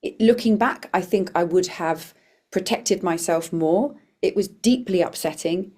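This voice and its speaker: Brief: low-pitched woman performer, reflective guest storyteller. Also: measured pace, darkish tone. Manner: earnest, reflective, with frequent restarts. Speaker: comedian and performer, podcast guest. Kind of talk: conversational storytelling.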